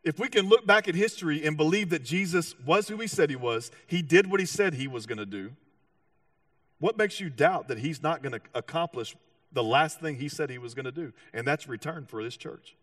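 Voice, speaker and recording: A man preaching a sermon with animated storytelling, acting out voices and often restarting his sentences. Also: on the high side, a little fast, no room sound, studio quality, distant mic. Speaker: pastor.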